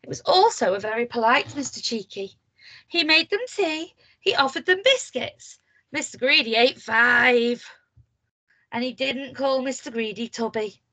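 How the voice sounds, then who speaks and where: Teacher lady reading a storybook to kids, really lively, bright voice. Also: sits high, unhurried. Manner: animated, asks the children questions. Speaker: primary school teacher. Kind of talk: reading a picture book aloud to children.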